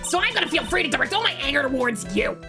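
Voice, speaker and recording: A cranky, gossipy old woman who scolds loudly with a raised, swooping voice, as a woman plays her on a game stream. She huffs at everyone around her. Game music runs underneath. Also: high voice, sing-song, rapid-fire, pitched above the performer's own voice. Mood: grumpy.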